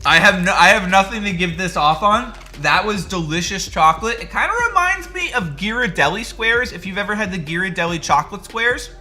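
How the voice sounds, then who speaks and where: Bright, excitable young male streamer. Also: high voice, a little fast, hardly any pauses. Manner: excitable, greets chat viewers by name. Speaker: livestream host. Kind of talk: casual livestream chat.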